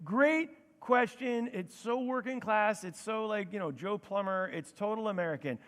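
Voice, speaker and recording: Man, comedy co-host, casual banter, high lively voice, long hall reverb. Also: normal speed. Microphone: belt mic.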